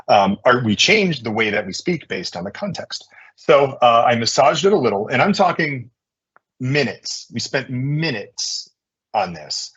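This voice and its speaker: Male presenter, husky and a bit low, dull lo-fi sound, lively filler-heavy talk. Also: a little slow. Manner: energetic, chatty, many fillers. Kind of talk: conference presentation.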